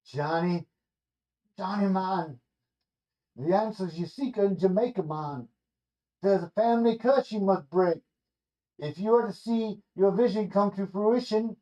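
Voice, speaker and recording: A man's voice: high-pitched, unhurried, pauses often, dark tone, pitched above the performer's own voice. A man doing a prophetic dreamlike reggae star. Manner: solemn, prophetic, ends lines with "man". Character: mystic male reggae star in a vision. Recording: dull lo-fi recording.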